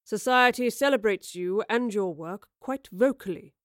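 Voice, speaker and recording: A woman puts on a portly gentleman in his forties, dignified but wounded, speaking in formal, old-fashioned phrases. The voice is smooth and clear, recorded dry and close. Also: sits high, unhurried, dry recording. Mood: wistful. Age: 40s. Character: older man, portly, wounded, dignified, melancholy.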